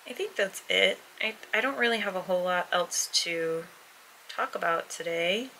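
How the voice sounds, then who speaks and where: A woman's voice: on the low side, normal speed, gravelly, pushed and bright, slight background noise, rough recording. A woman vlogging casually at home, out of breath, rambling with lots of hesitant fillers and restarts. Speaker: book vlogger. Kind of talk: casual vlog chat.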